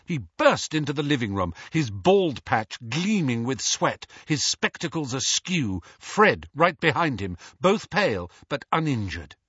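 A man narrating an audiobook in an expressive storytelling manner. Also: mid-range voice, unhurried, few pauses, breathy edge, no room sound, dull audio.

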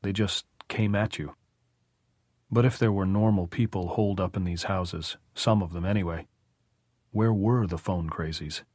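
A man narrating an audiobook in measured, even storytelling. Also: sits low, no echo, clean studio sound. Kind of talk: scripted narration.

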